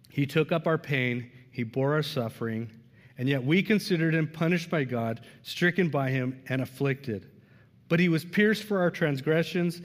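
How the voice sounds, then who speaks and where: A man preaching a sermon in an earnest way, moving from strong emphasis to hushed, quiet lines. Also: medium pitch. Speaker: pastor. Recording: long reverb of a large room.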